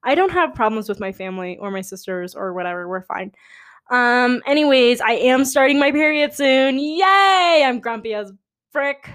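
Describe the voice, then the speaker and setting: A woman's voice: a little high, normal speed. A young woman hosting a podcast, talking casually on her own in a chatty, rambling way with dramatic asides. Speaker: podcast host. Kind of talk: casual solo chat.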